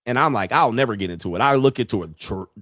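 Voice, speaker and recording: A man hosting a casual commentary show, talking bluntly and profanely, laughing often and rising into animated disbelief. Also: medium pitch, quick pace, no echo, studio quality. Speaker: podcast host.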